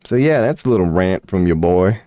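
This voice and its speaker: Man, toothless, low voice, dry close mic, casual stream rant, profane. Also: lively intonation, brisk, warm tone, no room sound. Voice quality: toothless, slightly lisping when mouth is dry. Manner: loose and profane, laughing at himself. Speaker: streamer giving tarot readings. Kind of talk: casual livestream rant to chat.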